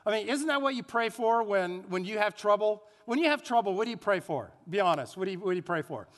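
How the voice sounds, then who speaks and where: A man preaching a sermon as pastor, animated, asking the congregation questions and having them repeat phrases. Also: sits high, fast talker. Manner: animated preaching with rhetorical questions and call-and-response. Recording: long hall reverb.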